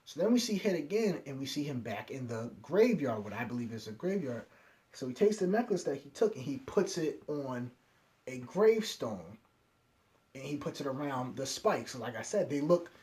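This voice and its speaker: A young man casually recapping an anime episode scene by scene, acting out each character's lines in quick quoted bits. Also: mid-range voice, a little mellow. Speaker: anime reviewer.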